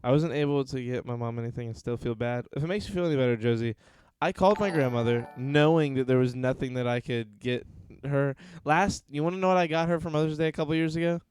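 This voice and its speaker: A man with a Southern US accent hosting a casual podcast chat, telling stories in an animated way and laughing often. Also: mid-range voice, quick pace, few pauses, clear, resonant tone, dry recording. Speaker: podcast host.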